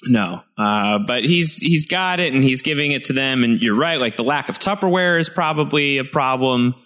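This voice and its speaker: A man's voice: mid-range voice, expressive, normal speed, a bit bright. Rambling, jokey podcast co-host man. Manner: rambling and jokey, many fillers, playful exaggerated quoted voices. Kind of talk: casual chat recapping a TV episode.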